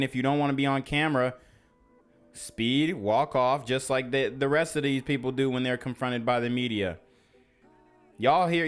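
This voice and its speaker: A man's voice: mid-range voice, a bit bright, clean tone. A man hosting a casual reaction commentary, blunt and slangy as he talks over news clips. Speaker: commentary channel host.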